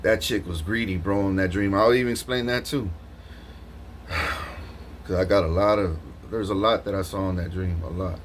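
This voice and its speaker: A man talking straight to camera in a rambling, slangy, animated monologue, laughing often, just up from a nap. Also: low voice, moderate pace, a little hiss or hum. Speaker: vlogger.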